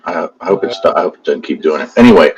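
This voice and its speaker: A man's voice: low-pitched, lively intonation, fast talker, darkish tone, slightly rough, highs cut off. A man hosting a casual live stream, reading aloud loosely and joking as he goes. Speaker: stream host.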